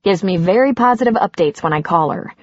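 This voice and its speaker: A woman's voice: medium pitch, animated, a little fast, darkish tone, no echo, dull audio, lightly acted. A woman reading an audiobook and voicing a breezy, upbeat middle-aged woman. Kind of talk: audiobook character voice.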